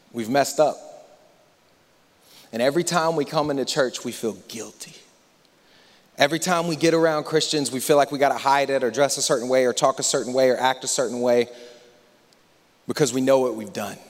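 Male pastor, mid-pitched voice, dramatic sermon delivery from hush to shout, long hall reverb. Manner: dramatic, swings from hushed near-whispers to loud impassioned preaching.

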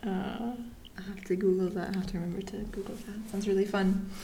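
A woman host with a German accent, giving short, relaxed prompts in a casual conversation. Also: medium pitch, a little fast.

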